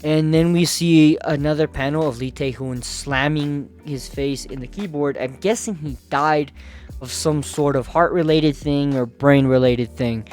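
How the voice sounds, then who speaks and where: A man's voice: on the high side, a little slow, a little mellow, soft background music. A man giving a casual, profane comic recap of a comic, full of fillers and laughter. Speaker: manhwa recap host.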